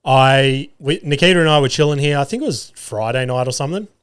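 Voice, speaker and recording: A man's voice: mid-range voice, fast talker, fairly bright tone, smooth. A young adult man, hosting a podcast in casual chat, rambling through stories and swearing freely. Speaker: podcast host.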